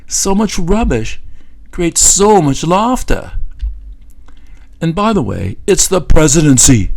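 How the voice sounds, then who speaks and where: A man's voice: on the high side, very animated, takes it slowly, vocal fry, a little mellow, low-quality recording. A man giving satirical political commentary in a mocking, scornful way, with many hesitant fillers.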